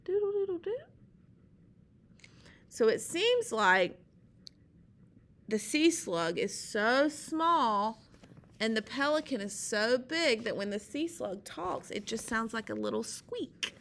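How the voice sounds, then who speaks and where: A woman reading a children's story aloud, with gentle asides explaining it to listeners. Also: on the high side, lively intonation, slow, gravelly.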